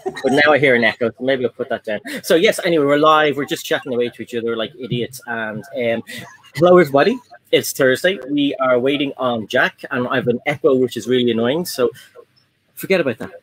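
A man's voice: mid-range voice, a little fast, a bit bright, poor audio. A man hosting a casual live stream chat, talking in a chatty, self-interrupting way. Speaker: livestream host. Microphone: desk mic on live stream.

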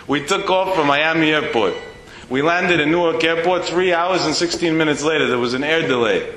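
A rabbi with a somewhat high, bright voice tells a lively story from the pulpit, acting out each exchange. The sound rings in an echoey hall. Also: male voice, brisk. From United States. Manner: animated storyteller acting out dialogue. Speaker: rabbi lecturer. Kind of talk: storytelling sermon. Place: synagogue hall.

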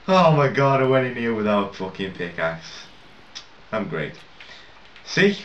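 Speaking slowly with long pauses, a young man gives casual gameplay commentary full of rambling and swearing, chuckling at his own blunders. His mid-range voice is animated, and English is not his first language. The sound comes from a lo-fi home mic at a distance in a roomy space, with a little hiss or hum.

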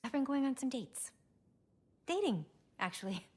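A woman voicing a mother in a video game, speaking softly and tentatively to her teenage son. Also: high voice, very animated, normal speed. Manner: soft, tentative. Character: gentle mother telling her teen son about dating.

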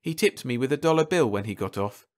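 A man's voice: mid-range voice, lively intonation, fast, close to an everyday voice. A man voicing a formal, polite train porter. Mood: worried.

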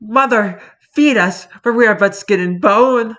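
Man doing a whiny talking cat: high, shrill, over-the-top, old-fashioned speech. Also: unhurried, pushed and bright. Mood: wailing, melodramatic. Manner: shrill theatrical whining, old-fashioned phrasing. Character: melodramatic talking pet cat, wailing and aggrieved.

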